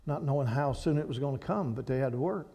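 A man's voice: medium pitch, quick pace, creaky, warm tone. A man from Kentucky with an Appalachian accent, a guest speaker at a church who preaches in a folksy storytelling way. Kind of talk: storytelling sermon.

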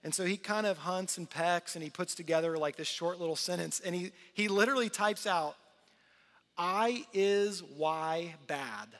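Pastor, middle-aged man, high voice, earnest conversational sermon, long hall reverb. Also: brisk, hardly any pauses, a bit bright. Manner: earnest, conversational preaching with repeated restarts.

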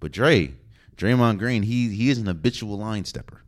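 A man's voice: fairly low pitch, animated, normal speed. A young man hosting a solo sports podcast, talking in a casual, slangy, opinionated way. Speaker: podcast host.

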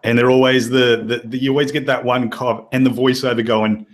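An Australian man hosting a podcast, chatting casually and joking in loose, animated rants. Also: mid-range voice, brisk. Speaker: podcast host. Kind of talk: casual chat.

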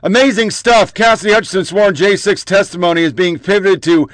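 A man hosts a political commentary show, reading headlines in short, clipped bursts and adding profane, mocking asides. His voice sits high and moves fairly quickly, recorded dry.

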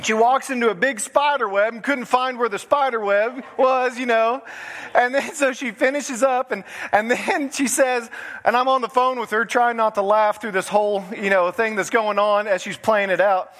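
A man's voice: very high-pitched, normal speed, a bit bright, long reverb tail. A man, a pastor preaching a folksy sermon in a church. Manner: folksy, chuckles through the story. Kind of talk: sermon with storytelling. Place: church sanctuary.

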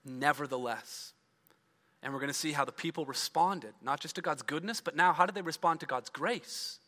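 Speaking at normal speed in a bright, forceful voice on the high side, a man preaches as pastor, first reading scripture aloud and then explaining it. His emphasis rises and his lines trail down, and a large hall adds long reverb.

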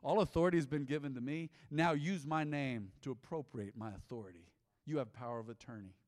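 A man's voice: mid-range voice, a little fast. Emphatic preaching man in a reverberant hall. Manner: emphatic preaching, repeats lines, swings loud and soft. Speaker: pastor. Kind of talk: sermon. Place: large church hall.

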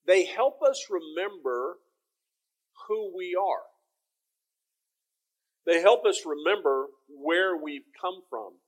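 A man's voice: sits high, lively intonation, takes it slowly, long pauses. A middle-aged man with a Texan accent, teaching a folksy, conversational sermon. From Texas.

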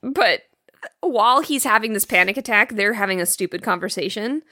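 A woman's voice: mid-range voice, animated, a little fast, bright, forceful tone, no room sound, studio quality. A woman co-hosting a podcast, chatting bluntly and sarcastically about a movie, swearing freely. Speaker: podcast co-host. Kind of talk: casual movie recap chat.

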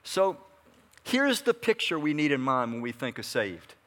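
A man's voice: mid-range voice, very animated, normal speed, a bit bright. A man preaching a sermon in a conversational way, asking his congregation questions and answering them. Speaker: pastor. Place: church hall before a congregation.

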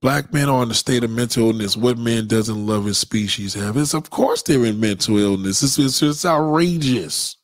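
A man's voice: mid-range voice, normal speed, few pauses, no room sound. A man hosting a blunt, profane ranting monologue to his viewers. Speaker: host.

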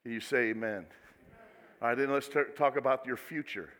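Bright-voiced male pastor in an echoing hall. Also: medium pitch, a little fast. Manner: dramatic swings from soft asides to loud exclamations. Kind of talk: sermon. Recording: echoey hall with long reverb.

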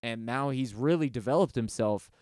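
A man co-hosts a casual music podcast, his voice smooth and resonant. He talks in an animated, profane ramble full of restarts. The sound is close and dry, with no room around it. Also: medium pitch, normal speed, dry recording. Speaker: podcast co-host. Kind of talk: casual music review chat.

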